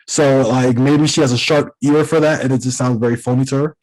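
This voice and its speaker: A man's voice: mid-range voice, steady tone, fairly quick, a little mellow, poor audio. A man raised in the Caribbean co-hosting a podcast, chatting casually and rambling with lots of fillers and restarts. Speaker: podcast co-host. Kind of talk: casual chat.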